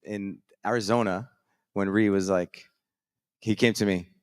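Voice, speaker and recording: A man's voice: on the low side, steady tone, measured pace, clear, resonant tone, dry recording, studio quality. A man hosting a live show on a conference stage, telling stories in an upbeat, chatty, rambling way with many restarts. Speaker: host.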